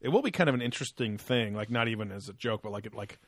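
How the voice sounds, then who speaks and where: A man's voice: fairly low pitch, lively intonation, rapid-fire, fairly bright tone, no echo, studio quality. Rambling, laughing podcast co-host man. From West Coast of the US. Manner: laughs often, rambling with many fillers. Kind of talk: casual crude chat.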